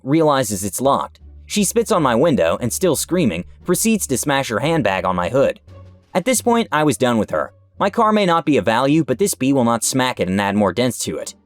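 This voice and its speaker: A man narrating internet stories in an animated, emphatic reading voice, with faint music behind. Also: mid-range voice, no echo. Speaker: story narrator.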